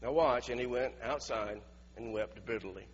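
A man's voice: mid-range voice, normal speed, in a large hall, highs cut off, slight background noise. A male preacher giving a conversational sermon, asking his listeners questions as he retells a scripture passage. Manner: conversational, asks the audience questions.

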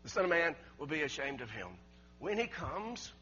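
A man preaching a sermon, emphatic and rising to near shouts, with laughs between his points and words he repeats. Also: a little high, sing-song, moderate pace. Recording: dull lo-fi recording with mains hum.

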